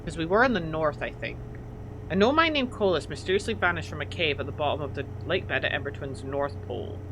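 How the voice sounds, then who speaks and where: A woman's voice: low-pitched, quick pace. A woman streamer chatting casually as she plays, thinking aloud and getting flustered. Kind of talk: casual live gameplay commentary. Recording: steady background noise.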